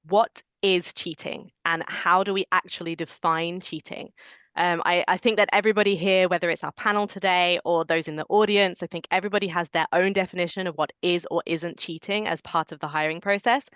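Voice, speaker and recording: A woman hosting a webinar, giving clear, organized announcements over a video call. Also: fairly low pitch, fairly even intonation, fairly quick, a bit bright, dry recording, muffled recording. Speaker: webinar host.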